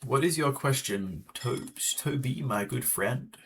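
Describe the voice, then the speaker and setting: A man's voice: medium pitch, takes it slowly, vocal fry, a bit bright, a little hiss or hum. An Australian man chatting casually with viewers while streaming a game, rambling as he talks. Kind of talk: casual live gameplay chat.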